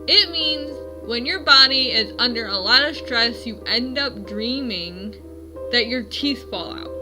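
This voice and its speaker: A woman's voice: fairly high pitch, low-quality recording. A woman in her twenties at home, telling her dreams in a rambling, self-correcting casual vlog. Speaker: vlogger.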